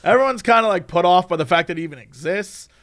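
A man in casual chat, telling an anecdote in an animated way with quick asides and chuckles. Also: high voice.

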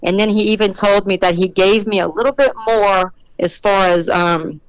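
A middle-aged woman being interviewed on a podcast, telling an animated story about her racing and acting out the voices of the people in it. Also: medium pitch, moderate pace, smooth, no room sound, rough recording. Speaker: drag racing motorcycle rider, guest.

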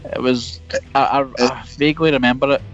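A man's voice: medium pitch, steady tone, fairly quick, faint music behind. Male podcast co-host, self-mocking and sweary, dull remote-call sound. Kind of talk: casual chat. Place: parked car.

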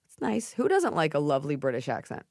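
A woman's voice: low voice, huge pitch swings, fast, creaky, a little mellow, dry recording, studio quality. An American woman co-hosting a podcast, chatting in a blunt, joking, playful way. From United States. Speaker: podcast co-host. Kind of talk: casual chat.

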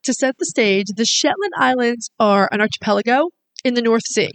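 A woman's voice: on the high side, lively intonation, normal speed, clear, resonant tone. A woman co-hosting a casual podcast who explains things at length. She talks in an informative, chatty way. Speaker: podcast co-host. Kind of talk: casual chat.

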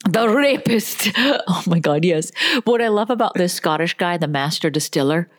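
A woman's voice: on the low side, normal speed. A woman co-hosting a comedy podcast, chatting casually and joking, often slipping into silly voices. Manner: animated, joking, breaks into voices. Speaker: podcast co-host.

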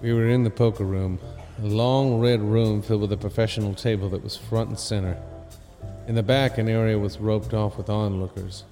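A man narrating a comedic audio drama in a deadpan, crude manner. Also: on the low side, moderate pace, in a large hall, soft background music. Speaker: narrator and lead performer.

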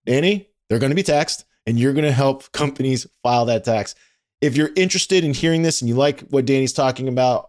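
Enthusiastic male podcast host. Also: mid-range voice. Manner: energetic, enthusiastic, filler "like". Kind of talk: casual interview hosting.

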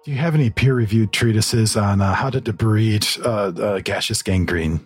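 A man playing a tabletop game, speaking in a hesitant, halting way. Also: on the low side, slightly rough, soft background music. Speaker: player.

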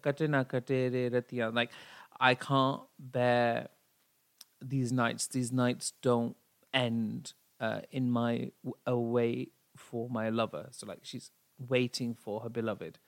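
A man's voice: mid-range voice, fairly even intonation, takes it slowly, a bit bright, clear, resonant tone. A man co-hosting a podcast in casual, playful chat with his husband. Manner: playful, banters and sings. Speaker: podcast co-host.

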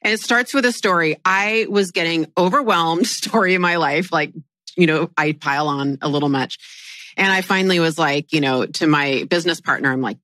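A low-pitched woman hosting a podcast, chatting in a lively, laughing way and restarting her sentences as ideas tumble out. Her voice is dry and close to the mic, with no room sound around it. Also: dry recording. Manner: animated, laughs often, quick restarts. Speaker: podcast host. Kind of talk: casual podcast chat.

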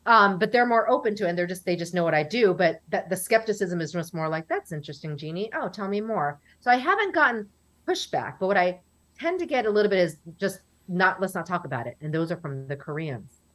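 A woman's voice: fairly low pitch, sing-song, a little fast, a bit bright. A woman in her forties from the United States, chatting animatedly as an interview guest and acting out what other people said. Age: 40s. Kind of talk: casual interview chat.

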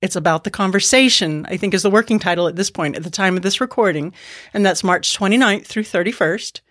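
A woman's voice: medium pitch, quick pace, a bit bright, no echo, clean studio sound. A woman co-hosting a podcast, chatting casually and enthusiastically and giggling easily. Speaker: podcast co-host.

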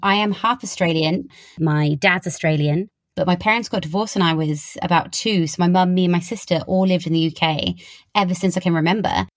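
A woman's voice: fairly low pitch, a little fast, no room sound, studio quality. A young woman from Wiltshire with a southern English accent, chatting in an interview, laughing often and using plenty of "like". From Wiltshire, England. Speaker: interviewee, social media creator. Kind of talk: casual interview chat.

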